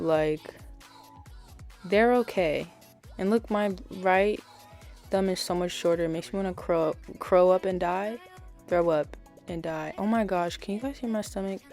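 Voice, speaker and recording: A woman's voice: lowish voice, a little mellow. A young woman chatting casually as a nail art vlogger, rambling with lots of fillers and self-corrections. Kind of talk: casual voice-over chat.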